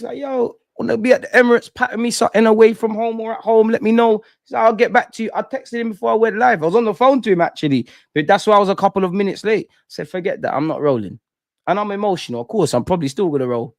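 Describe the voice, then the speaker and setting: A man's voice: fairly high pitch, no room sound, studio quality. Impassioned man ranting. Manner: impassioned, repetitive, slangy ranting. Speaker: fan channel host. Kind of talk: emotional fan rant to live stream.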